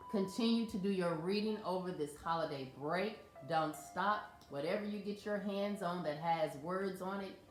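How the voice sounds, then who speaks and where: A woman reading a children's story aloud in a warm, teacherly storytime style. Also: on the low side. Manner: expressive, teacherly. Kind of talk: storytime read-aloud for kids. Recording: echoey room with faint music.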